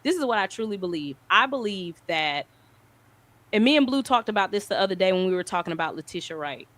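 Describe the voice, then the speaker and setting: A woman's voice: mid-range voice, expressive, quick pace, fairly bright tone, no room sound. Young woman co-host, emphatic and opinionated, dry close mic. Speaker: podcast co-host. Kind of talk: casual chat.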